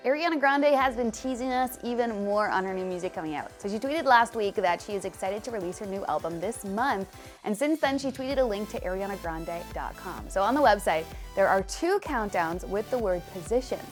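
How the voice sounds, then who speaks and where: A woman's voice: medium pitch, lively intonation, brisk. Breezy young woman hosting music news. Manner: chatty, breezy, adds personal asides. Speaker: entertainment news host. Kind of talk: upbeat scripted news presenting.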